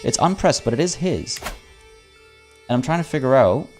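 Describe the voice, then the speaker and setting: A male streamer talks his way through a strategy game live, reading out events and riffing with chat in a loose, joking manner. His voice sits at an ordinary middle pitch, and he keeps doubling back and repeating words as he thinks aloud. Quiet music plays faintly underneath. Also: animated, moderate pace. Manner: playful and chatty, stammers and repeats words. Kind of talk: live-stream gameplay commentary.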